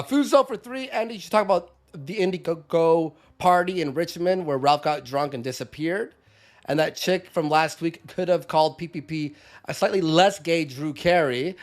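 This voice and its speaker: High pitched guy reading donation messages on a livestream, loose and joking. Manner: reads out donation messages with frequent laughs and fillers. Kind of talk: casual livestream chat.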